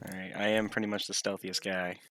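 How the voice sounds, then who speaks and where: A man's voice: low voice, little pitch movement, fast talker, pushed and bright. A man playing a tabletop game, joking and laughing between his turns. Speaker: player. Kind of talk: casual chat.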